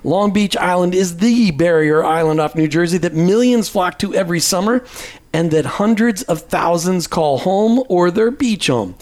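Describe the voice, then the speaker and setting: A man's voice: high voice, normal speed, a little mellow. A man co-hosting a faith and work podcast, introducing guests with playful, teasing asides. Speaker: podcast co-host. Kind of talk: casual chat.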